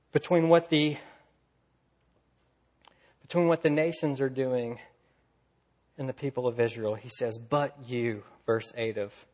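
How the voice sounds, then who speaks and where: A man preaching a sermon, swinging from loud, lively storytelling to quiet, low emphasis. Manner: earnest preaching, rising loud in stories, dropping soft and low. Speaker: pastor.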